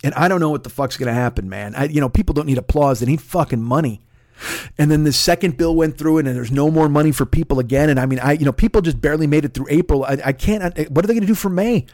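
A man from the United States, middle-aged, pitched well above most men. He rants in a heated, sarcastic monologue thick with profanity. The sound is dry, with no room in it. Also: quick pace, a little mellow, dry recording. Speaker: podcast host. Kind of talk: ranting monologue.

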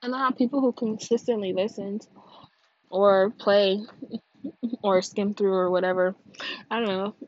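A young woman from California hosting a casual gossip podcast on her own, rambling and cursing freely while high and sleepy, her voice swinging between loud bursts and low mumbles. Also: fairly even intonation, measured pace, pauses often, dry recording. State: high and drowsy. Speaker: podcast host. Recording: dull dry lo-fi sound.

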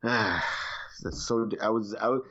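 A man co-hosting a casual movie review chat, animated and swearing freely. He acts out his own reactions with jumps in pitch. The recording is a little dull and lo-fi. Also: slow. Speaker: podcast co-host reviewing movies.

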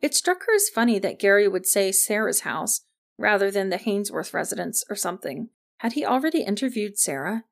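A woman narrating an audiobook chapter in an even storytelling manner. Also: medium pitch, a little fast, gravelly.

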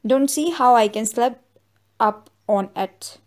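A woman's voice: on the high side, takes it slowly. A woman voicing a middle-aged man in disguise who mutters his thoughts and soothes others. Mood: musing. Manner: muttering to himself, placating. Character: shifty middle-aged male detective in disguise.

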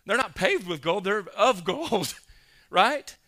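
A male pastor preaching a sermon, emphatic, building to loud, insistent peaks and quizzing his congregation. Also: sits high, sing-song, slow pace.

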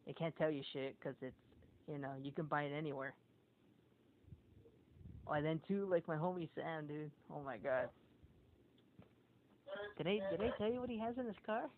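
A man's voice: on the high side, normal speed, long pauses. A man in casual podcast chat, telling rambling, profane stories and acting out what people said. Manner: profane, rambling storyteller who acts out quotes. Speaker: podcast co-host. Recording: tinny phone-like audio with faint noise.

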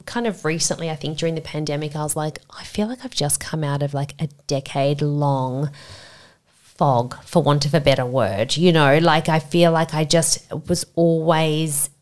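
Low-voiced Australian woman, reflective. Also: fairly even intonation, normal speed. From Sydney, Australia. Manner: reflective, rambling, many fillers. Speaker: podcast guest. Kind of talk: candid conversational interview.

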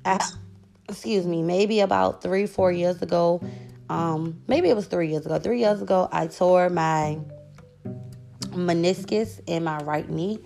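A woman's voice: fairly low pitch, measured pace, creaky, warm tone, soft background music. A woman, chatting casually to camera through a question list while hiccupping and burping and excusing herself often. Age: 20s. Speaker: vlogger.

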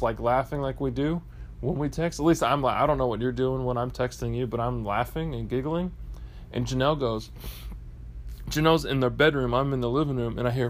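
A young adult man, rambling anxiously and playfully in a long voicemail to his co-host, full of fillers. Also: mid-range voice. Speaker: podcast co-host leaving a voicemail.

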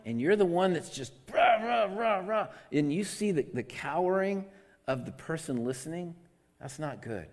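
Guy preaching into a mic, chatty, trips over his words a lot, gets loud then quiet, big echoey hall. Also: mid-range voice. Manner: conversational, self-deprecating, many restarts, swings between loud and soft. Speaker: pastor. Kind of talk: sermon. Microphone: amplified microphone.

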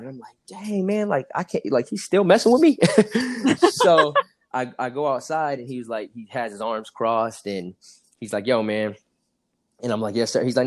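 A man's voice: medium pitch, expressive, moderate pace, a little mellow. A young man from California telling his story as a podcast guest, acting out the dialogue and laughing often. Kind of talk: casual storytelling.

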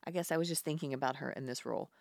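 Low-voiced woman, blunt casual chat, swears a lot, dry close sound. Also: racing, gravelly, dry recording. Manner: animated, blunt, swears freely. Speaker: podcast co-host.

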